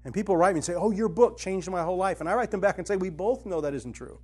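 A middle-aged man giving a conversational spiritual teaching, telling personal stories earnestly, his voice dropping soft and low, then rising with conviction. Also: fast, breathy edge. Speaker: Christian teacher and author.

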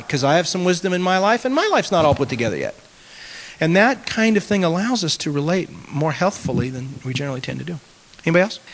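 A man speaking as a pastor in an earnest conversational teaching talk, with animated self-mocking humor. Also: mid-range voice. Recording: long hall reverb.

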